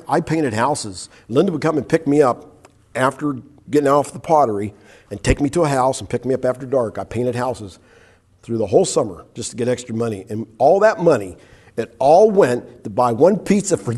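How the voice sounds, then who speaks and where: An older man giving a personal testimony in church. He tells his story with a husky voice, acting out what was said and laughing at himself. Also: medium pitch, a little mellow.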